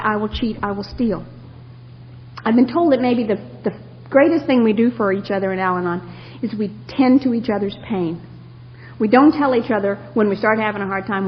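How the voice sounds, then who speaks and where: A woman from Texas speaks at normal speed in a medium-pitched voice, pausing often, as she shares her own recovery story with a live audience. She uses humor and laughs frequently. The lo-fi tape of this hall talk has a little hiss or hum.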